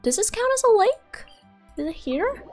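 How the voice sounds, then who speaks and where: A young woman streaming a game, chatting casually in an excitable, chatty way and laughing often. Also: very high voice, moderate pace, soft background music. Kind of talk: casual gaming stream chat.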